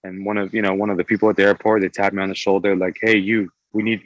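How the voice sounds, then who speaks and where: Low voiced guy, documentary maker rambling w lots of "you know"s, dry close sound. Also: little pitch movement, very fast, no room sound, rough recording. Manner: rambling, many fillers and restarts. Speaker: documentary filmmaker, guest. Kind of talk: casual interview talk.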